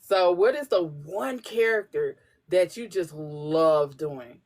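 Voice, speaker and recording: A woman's voice: on the low side, slow, darkish tone. A woman hosting a podcast, asking questions in a casual interview. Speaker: podcast host.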